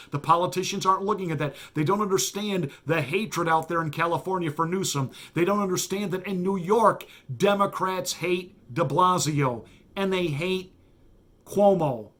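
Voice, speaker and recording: A man hosting his own commentary show, talking in a combative, mocking monologue. His voice sits a little high and sounds hard and forceful. He hammers each point with emphasis. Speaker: pastor and show host.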